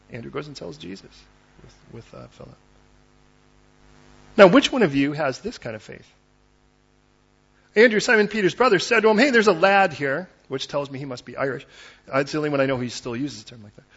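A man preaching a sermon as pastor, animated and conversational, acting out the people in his story. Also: a little high, breathy edge, lo-fi sound.

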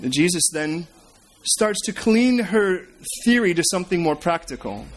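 A man preaching a sermon, retelling scripture as a story and swinging between emphatic and hushed delivery. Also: high-pitched, lively intonation, normal speed. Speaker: pastor.

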